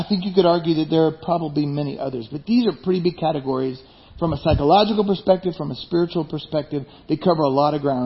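A man preaching a conversational sermon as a pastor, often asking the congregation rhetorical questions. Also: fairly high pitch. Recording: dull lo-fi sound.

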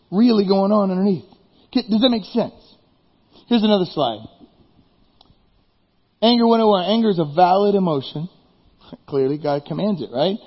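A man preaching a sermon as pastor, animated, firing rhetorical questions and then dropping suddenly quiet. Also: high-pitched, husky. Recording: dull reverberant hall recording.

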